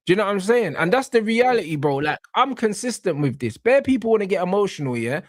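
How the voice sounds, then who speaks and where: A man ranting about football in heavy slang on a casual podcast. His voice sits high and leaps all over the place. The sound is dry and close. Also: quick pace, dry recording. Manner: animated, slangy and swearing, ranting. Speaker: podcast host.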